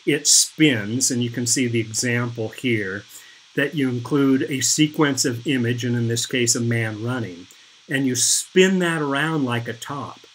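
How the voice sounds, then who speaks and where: A middle-aged man giving an art lecture, explaining slowly and pointing things out on images. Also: mid-range voice, a bit bright, a little hiss or hum, poor audio. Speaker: art instructor. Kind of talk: recorded lecture over slides.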